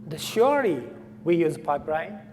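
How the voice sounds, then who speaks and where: A man giving a technical conference talk, speaking haltingly with frequent fillers and restarts. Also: fairly high pitch, sing-song, a little mellow. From Japan. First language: Japanese. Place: conference hall. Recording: faint hall reverb, light room noise.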